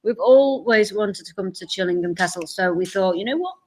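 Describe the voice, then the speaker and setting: A woman's voice: medium pitch, brisk. A woman co-hosting a live paranormal show from a castle room, chatting and giggling with her co-host. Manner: chatty, giggly, warmly teasing. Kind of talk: casual live-stream chat. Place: indoors in a castle room by a fire. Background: crackling fire.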